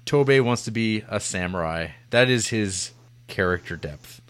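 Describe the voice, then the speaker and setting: A man's voice: fairly low pitch, animated, moderate pace, fairly bright tone, smooth, no room sound. A man hosting a casual film review podcast, rambling and joking as he sums up the story. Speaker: podcast host.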